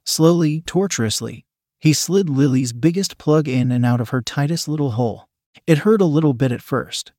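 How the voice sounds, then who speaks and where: A man reading a story aloud as narrator, steady. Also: mid-range voice, no echo, studio quality.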